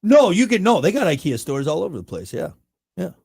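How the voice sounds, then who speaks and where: A man co-hosting a podcast, chatting casually and riffing with animated emphasis. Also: high-pitched, brisk, creaky, husky. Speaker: podcast co-host. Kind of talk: casual chat.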